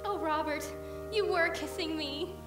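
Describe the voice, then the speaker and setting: A woman's voice: very high voice, a little slow. A woman playing a melodramatic young bride. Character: dramatic young bride, a showgirl. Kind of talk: amateur stage musical acting. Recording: distant, roomy stage recording with music.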